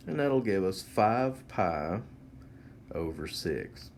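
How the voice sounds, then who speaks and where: Casting: low-voiced male teacher, unhurried step-by-step whiteboard walkthrough, faint room hum. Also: sing-song, a little mellow. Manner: slow, methodical, step-by-step explaining. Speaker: math teacher. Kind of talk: whiteboard lesson narration.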